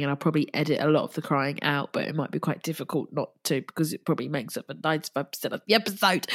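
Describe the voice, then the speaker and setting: A woman hosting a podcast, talking haltingly and tearfully in a personal monologue, with restarts and soft sighs. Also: low voice. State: tearful, crying at times. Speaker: podcast host.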